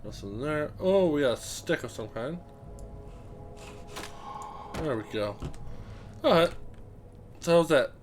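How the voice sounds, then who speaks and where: Hyped-up guy narrating his game, kinda high voice, swears a lot, yells at stuff on screen. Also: slow, long pauses, a little hiss or hum. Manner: excitable, swears a lot, chatters to objects in the game. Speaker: gameplay commentator. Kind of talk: let's play commentary.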